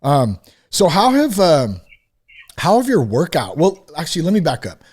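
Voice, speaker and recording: A man's voice: a little high, huge pitch swings, normal speed, darkish tone, husky. A man hosting a podcast, chatting casually and affirming his guest, relating it to his own story. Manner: affirming, frequent "yeah", relatable. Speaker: podcast host. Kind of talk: casual interview chat.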